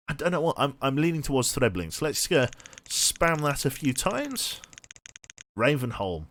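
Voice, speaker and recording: A man's voice: mid-range voice, sing-song, unhurried, fairly bright tone, dry recording. A man streaming a game, thinking aloud and rambling to himself with many restarts. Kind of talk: casual thinking-aloud gameplay commentary.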